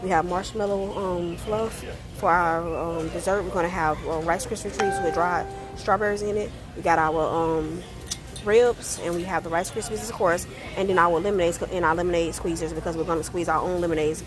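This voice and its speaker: A woman's voice: lowish voice, fairly even intonation, normal speed, music in the background. A woman chatting casually through a home cooking vlog, folksy and talking straight to viewers. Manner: chatty, folksy, calls viewers baby and y'all.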